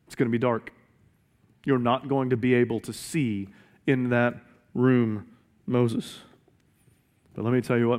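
A man's voice: medium pitch, fairly even intonation, a little slow, pauses often, darkish tone. A man preaching a sermon in an earnest way, often repeating key phrases for emphasis. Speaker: pastor.

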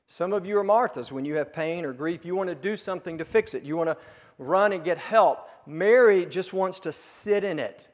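A male pastor preaching a sermon, earnest and emphatic at peaks, then dropping to a hush. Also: high voice. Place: church sanctuary. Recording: long reverb of a church hall.

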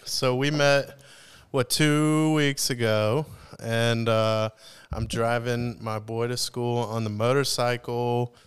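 A male podcast host with a very smooth, resonant voice and a mid-range pitch. He talks in a chatty, upbeat way and keeps things light with jokes. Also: steady tone, slow. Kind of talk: casual podcast conversation.

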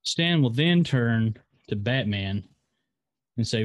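A man's voice: medium pitch, lively intonation, takes it slowly, long pauses, no echo. A man co-hosting a podcast in casual chat, rambling and hesitant. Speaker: podcast co-host.

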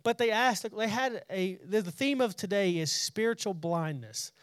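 A man's voice: high voice, expressive, moderate pace, clean tone, no room sound, studio quality. A man preaching a casual Bible study, talking conversationally, often repeating and restarting words, and paraphrasing scripture in everyday speech.

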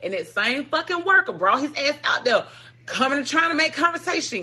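A woman co-hosts a casual podcast chat, telling stories loudly and cursing freely. Her voice is bright and a little husky, and her pitch swings widely as she gets animated. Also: a little fast. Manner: loud, profane, animated storytelling with laughter. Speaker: podcast co-host.

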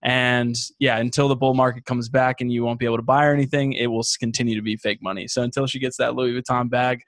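Man, casual podcast banter, easygoing, middle pitch, dry sound. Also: flat delivery, quick pace, no room sound. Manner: easygoing, agreeable banter with some restarts. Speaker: podcast co-host. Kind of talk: casual chat.

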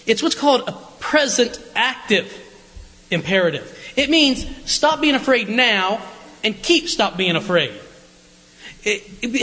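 A man's voice: very high voice, a bit bright. A man preaching a conversational sermon in a church, joking with the congregation and asking them questions. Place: church sanctuary. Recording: long church reverb.

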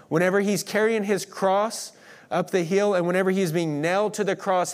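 A man preaching a sermon, earnest, swinging between emphatic declarations and hushed moments. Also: on the high side. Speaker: pastor.

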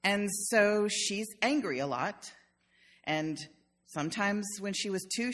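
A woman's voice: mid-range voice, lively intonation, takes it slowly. Older woman pastor preaching conversationally. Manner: warm storytelling with humor. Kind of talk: conversational sermon.

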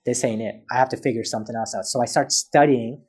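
Husky fast-talking man telling his story. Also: medium pitch. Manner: animated retelling, acting out both sides of conversations. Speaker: podcast guest. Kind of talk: personal storytelling in a casual podcast chat.

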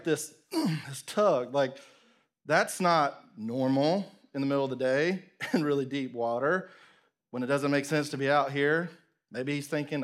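Guy preaching, animated storytelling, does little voices, goes real quiet then loud, kinda high voice. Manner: animated storytelling, acts out voices, drops to near whisper. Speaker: pastor. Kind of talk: sermon.

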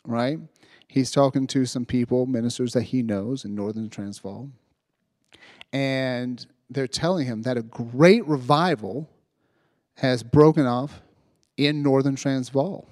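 Male youth preacher, mid pitch, dry close sound, animated storytelling sermon. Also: measured pace, no room sound. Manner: animated retelling, acting out voices, frequent "right?".

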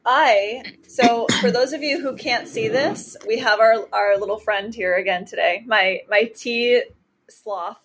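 A woman's voice: fairly high pitch, a little slow, a bit bright, breathy edge. Giggly woman co-host from Hawaii. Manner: giggly, exclaims often, candid. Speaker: podcast co-host. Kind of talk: casual chat.

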